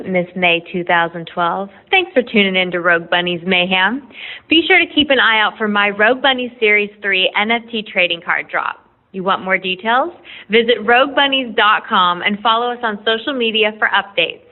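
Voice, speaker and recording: A woman's voice: medium pitch, expressive, moderate pace. A woman reading a promo spot in an upbeat announcer way. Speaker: promo reader. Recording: tinny phone-like audio.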